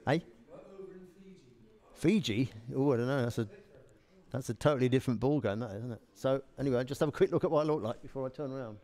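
A man's voice: medium pitch, quick pace, long pauses, a little mellow. A man, joking and chatting playfully as a performer in a live demonstration. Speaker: green screen performer.

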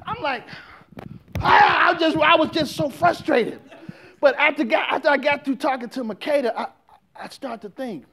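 High-voiced preacher, shouting call-and-response. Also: male voice, moderate pace, creaky, slight background noise. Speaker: pastor. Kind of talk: sermon.

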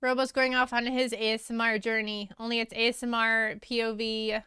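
A chatty woman artist talks with her stream viewers as she draws, her voice bright and crisp and pitched a bit high. She is self-deprecating and laughs easily, speaking into a close mic in a dry, dead room. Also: flat delivery, a little fast, dry recording. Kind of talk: casual chat with viewers while drawing.

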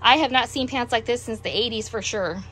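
A middle-aged woman with heavy breathing after a meal, chatting in an unhurried, musing way as she shows off a clothing haul at home. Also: on the high side, bright, forceful tone, a little hiss or hum. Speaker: doll collector showing a clothing haul. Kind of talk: casual show-and-tell vlog.

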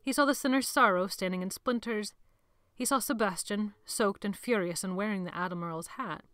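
A woman's voice: mid-range voice, normal speed, a bit bright, clean tone, no room sound, studio quality. A woman narrating a novel as an audiobook, dramatic and dropping to a whisper at tense moments.

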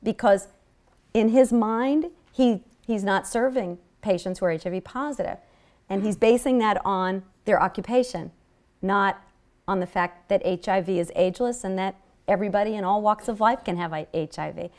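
A woman's voice: medium pitch, moderate pace, a little mellow. A woman speaking at a public health seminar, telling stories from clinic work in an earnest way with frequent restarts. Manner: earnest storytelling with many restarts. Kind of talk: seminar lecture.

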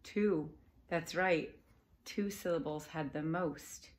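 A woman teacher giving a recorded lesson to young children, patient and encouraging, clapping out syllables and sometimes dropping to a soft whisper. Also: low-pitched. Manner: slow, patient and encouraging, claps and taps out syllables.

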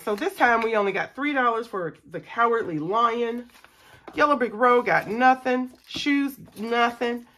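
A young woman chatting to her viewers as she counts money and scratches off savings cards. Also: on the high side. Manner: chatty, animated, talks to viewers as y'all, counts money aloud. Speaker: budgeting vlogger. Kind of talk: casual chat to viewers while scratching off savings.

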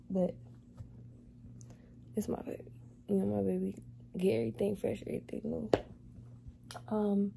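A young woman vlogging in a casual chat, doting and talking baby talk to her cat, sometimes drifting into soft whispers. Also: mid-range voice, vocal fry, slight background noise.

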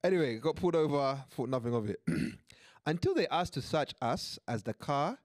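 A man's voice: a little high, very animated, moderate pace, a little mellow, no room sound, studio quality. A young man, co-hosting a podcast and reading a listener's story aloud with joking asides. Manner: laughs often, reads the story aloud with asides. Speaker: podcast co-host.

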